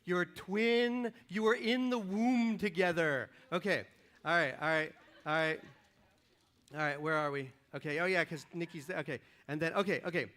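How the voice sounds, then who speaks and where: A high, bright-toned man leads a sermon from a church stage with an upbeat, joking manner. He calls volunteers up, counts them in, and then turns to his message. His voice carries through a stage microphone. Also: moderate pace. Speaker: pastor. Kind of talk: lively sermon with audience participation. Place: church stage before a congregation.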